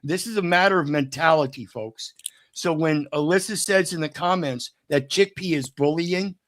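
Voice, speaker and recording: A man's voice: a little high, moderate pace, a bit bright, no room sound. A man hosting a live panel stream, firmly trying to take back the floor and speaking to his audience. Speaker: host.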